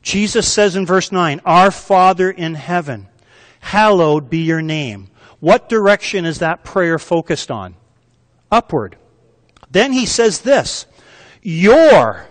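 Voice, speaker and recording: High-voiced man preaching in a reverberant hall. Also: big pitch swings, slow. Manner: call-and-response preaching, asks the congregation to repeat words. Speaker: pastor. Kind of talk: sermon.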